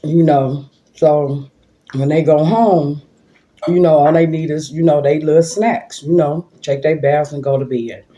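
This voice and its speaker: An older woman, a grandmother, rambles through a story while eating lunch at home for her vlog, in a casual mukbang style recorded on a phone. Her voice sits low and mellow, with fairly even intonation and an unhurried pace.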